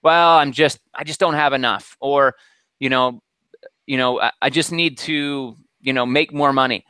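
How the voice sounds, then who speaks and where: A man giving a motivational talk over a video call, energetic and preachy, with many fillers. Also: mid-range voice, moderate pace, clear, resonant tone, no room sound. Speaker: presenter.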